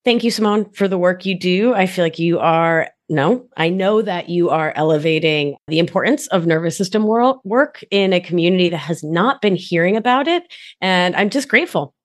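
A woman guest on a podcast, a wellness and somatics coach who talks in an effusive, playful way, dropping soft and then rising to exclaim. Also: fairly low pitch, normal speed. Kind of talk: casual podcast conversation.

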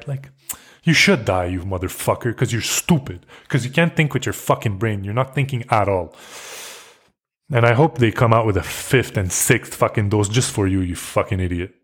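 Angry, profane man ranting alone, low-pitched. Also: animated, normal speed. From Quebec, Canada. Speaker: podcast host. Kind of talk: solo rant.

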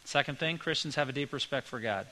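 A man preaching a sermon with a bright, forward voice. He keeps it folksy and conversational and drifts into homespun stories. A faint hiss sits under the recording. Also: medium pitch, fast talker, rough recording. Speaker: pastor.

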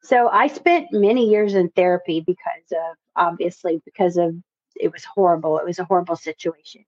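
A woman's voice: on the low side, normal speed, darkish tone, dry recording, muffled recording. A woman guest in a casual interview, speaking earnestly and repeating key phrases for emphasis. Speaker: guest, fitness trainer.

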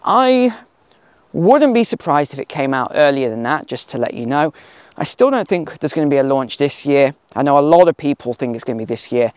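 A man's voice: on the high side, expressive, a little fast, smooth, no echo. A man hosting a casual finance talk outdoors on a hill, chatty with emphatic asides. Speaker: finance channel host.

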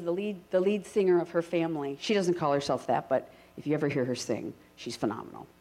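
A middle-aged woman preaching to a congregation in a lively, conversational way. Her voice swoops up and down as she talks, and it climbs high and strong when she leads the room in prayer. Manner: conversational, animated, rising to fervent prayer. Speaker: speaker at a church gathering. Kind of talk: sermon to a live congregation.

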